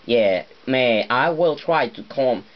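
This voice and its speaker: A man's voice: medium pitch, lively intonation, slow. Man doing a British accent, chummy bloke, repeats "mate", a bit muffled. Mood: inviting. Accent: British (imitated). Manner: repetitive, calling out "mate".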